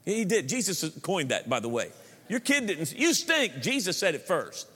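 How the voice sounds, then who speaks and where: High-voiced preacher in a reverberant hall. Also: male voice, moderate pace, breathy edge. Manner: emphatic, animated preaching with joking asides and repeated words. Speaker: pastor. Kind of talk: sermon.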